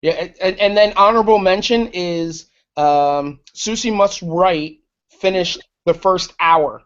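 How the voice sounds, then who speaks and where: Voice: medium pitch, unhurried, smooth. A chatty co-host on a video call who laughs a lot and asks for things to be repeated. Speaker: co-host with admin controls. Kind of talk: casual online chat. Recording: muffled online call audio.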